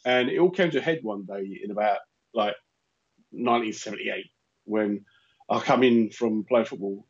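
A man in his fifties with a London accent, hosting a casual chat as an animated storyteller. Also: lowish voice, normal speed, slightly rough. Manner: animated storyteller who slips into put-on voices. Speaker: radio host. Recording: muffled lo-fi sound.

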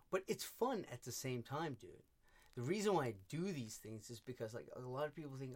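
A man's voice: fairly high pitch, moderate pace. Rambling, swearing young man. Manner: rambling, swears a lot, animated. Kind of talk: casual chat.

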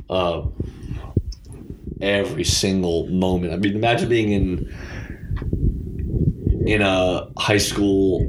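A man in his late twenties with a low voice speaks bluntly as an interview guest, swearing freely and leaning on "like" as he talks. A faint hiss of noise sits under the recording. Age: late 20s. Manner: candid, swearing, lots of "like". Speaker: guest, CrossFit coach. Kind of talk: casual interview.

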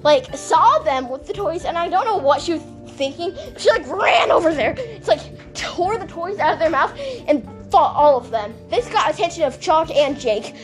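A woman's voice: high-pitched, expressive, moderate pace, over music. A young woman hosting a podcast, rambling in casual chat with lots of giggles and self-mocking asides. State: voice cracking, dehydrated. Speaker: podcast host.

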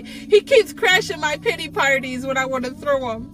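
A woman's voice: sits high, expressive, normal speed, fairly bright tone, faint music behind. A woman giving a passionate, earnest devotional talk to camera, pleading and repeating words for emphasis. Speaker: Christian video teacher.

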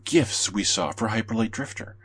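A man's voice: lowish voice, normal speed, fairly bright tone, a little hiss or hum. A man hosting a casual gaming podcast, reading out news and giving blunt, opinionated takes with plenty of swearing.

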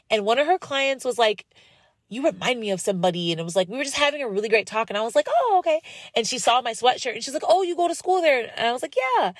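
A woman's voice: mid-range voice, no echo. A young woman hosting her own podcast, telling stories in a casual, encouraging way and acting out the people she quotes. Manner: animated storyteller, acts out quoted voices; encouraging, direct address to listeners. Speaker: podcast host. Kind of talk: casual faith-based monologue.

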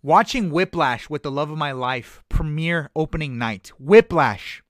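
Emphatic, animated podcast host guy. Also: on the high side, measured pace, no room sound, clean studio sound. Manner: animated, emphatic, repeats phrases. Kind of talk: casual podcast chat.

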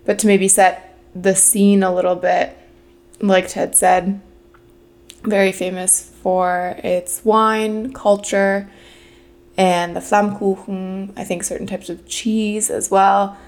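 A woman's voice: medium pitch, level tone, slow. A young adult woman co-hosting a casual podcast chat, talking loosely with many fillers. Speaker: podcast co-host.

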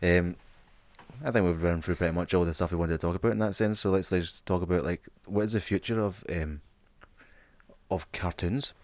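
A man's voice: deep voice, a little fast, a little mellow, no room sound. A man co-hosting a podcast in casual chat, swearing freely and laughing often. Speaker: podcast co-host.

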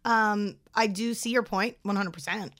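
A woman's voice: mid-range voice, normal speed, a bit bright. A woman co-hosting a podcast, teasing and supportive in casual chat. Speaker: co-host.

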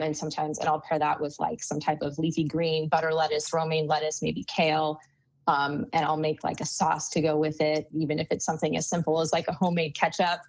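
A young woman talking as a guest in a casual interview, relaxed and filling gaps with "um" and "like". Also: sits low, no room sound, low-quality recording. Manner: relaxed, lots of "um" and "like". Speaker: nutritionist guest.

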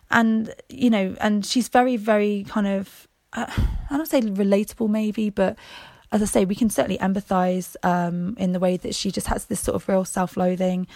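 A woman's voice: mid-range voice, gravelly, darkish tone, no room sound. A young woman casually reviewing a film, hesitant, with lots of ums and restarts.

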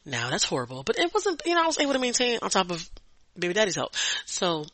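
A young adult man tells a story on his podcast. He swears freely and stumbles over repeated words as he vents. His voice is bright and pushing, with a dry sound and no room echo. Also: sits high, wildly swooping pitch, fast. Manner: profane, blunt, repeats words while venting. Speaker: podcast host. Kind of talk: casual storytelling monologue.

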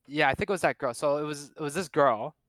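A man's voice: on the high side, fast talker, fairly bright tone, no echo. A young man chatting casually about his past relationships, joking and rambling with many fillers and restarts. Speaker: guest.

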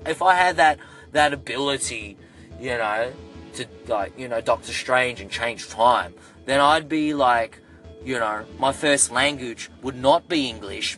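A man's voice: medium pitch, sharp tone. A man with an Australian accent putting on a rambling young Filipino Australian man in a comedic monologue, full of fillers and restarts. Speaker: comedy character.

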